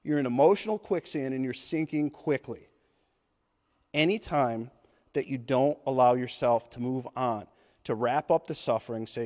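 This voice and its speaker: A man's voice: medium pitch, normal speed, darkish tone. A man in his thirties hosting a podcast, delivering an intense, profane motivational monologue. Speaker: podcast host. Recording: long hall reverb.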